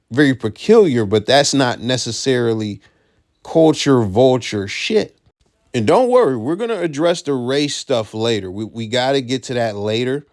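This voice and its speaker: A man's voice: medium pitch, a little mellow. A man giving casual commentary, blunt and profane, who repeats his key points for emphasis.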